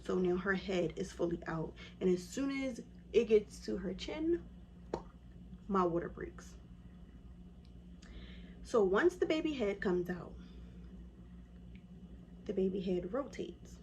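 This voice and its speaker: A woman telling her own story in a casual vlog, acting out what others said in a raised voice. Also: slight background noise. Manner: animated, acts out quoted voices in a higher pitch.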